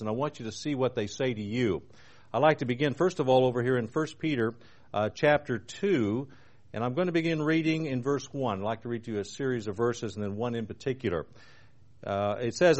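A man's voice: medium pitch, darkish tone. Guy hosting a tv bible show, earnest preacher, leans hard on scripture verses, asks the audience questions. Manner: earnest, reads scripture with slow emphasis, asks rhetorical questions. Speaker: TV program host and preacher. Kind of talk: televised Bible teaching.

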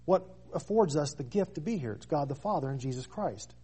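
A husky, mellow-toned man in his thirties delivers a sermon. He leans hard into key phrases, repeating them for weight, and sits a little higher in pitch than most men. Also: expressive, fairly quick. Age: 30s. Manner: preaching with rising emphatic stresses and repeated phrases. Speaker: preacher.

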